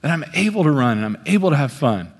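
A young man on a stage preaching a sermon in an animated way, swinging his pitch as he acts out the voices he quotes. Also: fast. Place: on a stage in a large hall. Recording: long hall reverb.

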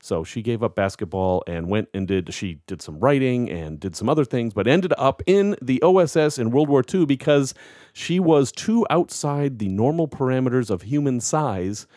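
A man's voice: mid-range voice, normal speed, dry recording. A man co-hosts a casual podcast, his voice swinging up and down as he tells facts like stories. He sounds close to the mic, in a dry, dead room. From United States. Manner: lively storytelling, explaining facts with jokes. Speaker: podcast co-host. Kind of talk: casual chat.

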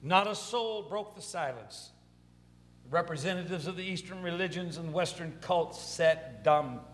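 High-voiced preaching man, ringing hall. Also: a little slow, fairly bright tone. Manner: preaching with swelling intensity. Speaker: pastor. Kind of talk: sermon.

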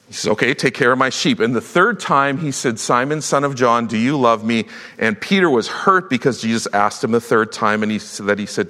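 A male pastor preaching a sermon, telling a Bible story with lively acted-out voices. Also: mid-range voice, big-room sound. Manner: animated storytelling, acts out Bible characters.

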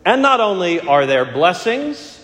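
A middle-aged male pastor preaches with a lively, rising-and-falling voice and a touch of dry humor. His words ring out in a church sanctuary with a long, echoing reverb. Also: high voice, measured pace. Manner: conversational, gently humorous preaching. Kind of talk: sermon. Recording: echoey church hall.

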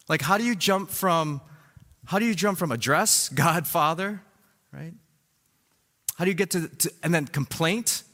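Casual preacher guy, 30s, chatty storytelling, lots of "right?", voice echoing around a big hall. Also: fairly high pitch. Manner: animated storytelling with many "right?" and "like". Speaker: pastor. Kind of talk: sermon with personal story. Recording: reverberant hall.

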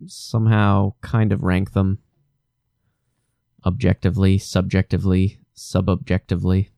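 A man co-hosting a casual podcast, making dry wordplay jokes in a deadpan way. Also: deep voice, measured pace, vocal fry, no echo. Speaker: podcast co-host. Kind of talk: casual chat.

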